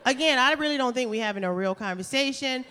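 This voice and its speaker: A woman telling a funny true story on stage, chatty and animated, laughing through her lines. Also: sits high, fast, some chatter behind. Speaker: storyteller and stand-up comedian. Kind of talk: live comedic storytelling. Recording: reverberant hall.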